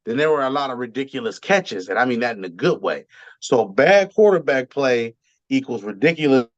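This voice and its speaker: A man's voice: mid-range voice, expressive, a little fast, dry recording. Casual male sports-podcast co-host, rambly, dry close mic with slightly dull sound. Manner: rambling, frequent ums and restarts.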